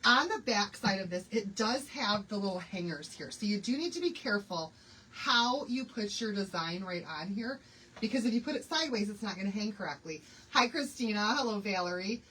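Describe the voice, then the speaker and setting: In her sixties, this woman hosts a live craft stream, chatty and bubbly, laughing often and greeting viewers by name. Her mid-range voice is lively in intonation, fairly quick and a bit bright. The recording is low quality, with slight background noise.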